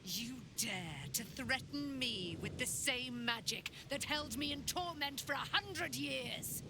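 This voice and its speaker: Dame Aylin, a haughty immortal warrior. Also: female voice, high voice, slow pace. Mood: angry. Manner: haughty, commanding, scornful. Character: proud immortal noblewoman warrior, haughty and fierce. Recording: game audio with noise.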